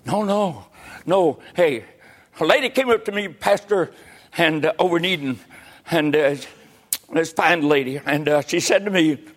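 An older man preaching a sermon in a fervent style that swings between ringing shouts and hushed asides. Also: fairly high pitch. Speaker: pastor.

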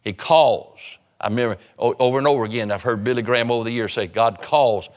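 A man's voice: medium pitch, fast talker. A man preaching an evangelistic sermon, urgent and fervent, hammering home repeated phrases.

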